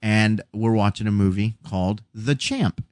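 Low-voiced man, dry close sound. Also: a little slow, darkish tone, dry recording. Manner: emotional, self-deprecating storytelling. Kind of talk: casual chat.

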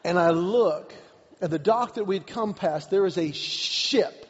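A man preaching a sermon, telling a personal story in an animated way, repeating words and shouting at the climaxes. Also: high-pitched, measured pace, slight background noise. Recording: dull recording with long hall reverb.

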